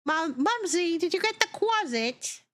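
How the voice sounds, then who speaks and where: A woman putting on the voice of an excited little child who whines and tattles. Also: very high-pitched, unhurried, voice pushed up, exaggerated voice.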